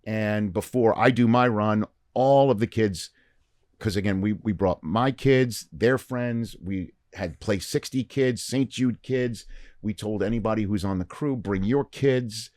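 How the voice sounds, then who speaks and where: Deep-voiced man telling a story. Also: unhurried, dry recording, studio quality. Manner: animated storyteller, acts out quoted dialogue. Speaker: podcast guest. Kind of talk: casual storytelling chat. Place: podcast studio.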